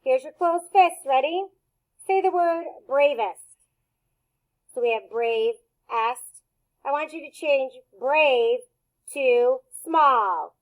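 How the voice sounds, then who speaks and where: A woman teacher runs a phonics lesson for young children. Her voice sits high, and she says each word slowly and with great care. Her tone stays cheerful and encouraging throughout. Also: low-quality recording. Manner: slow, clear, over-enunciated word drills.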